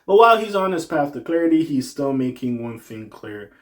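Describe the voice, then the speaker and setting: A man hosting a casual hip-hop news commentary, animated, swinging between loud outbursts and low muttered asides. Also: brisk. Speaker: commentary channel host.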